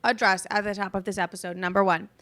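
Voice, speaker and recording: A woman's voice: medium pitch, steady tone, fast, fairly bright tone. A young woman hosting her podcast, rambling through a casual rant full of fillers and swearing, talking around a sore jaw. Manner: chatty, rambling, filler-heavy, swears freely. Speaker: podcast host. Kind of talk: casual ranting monologue.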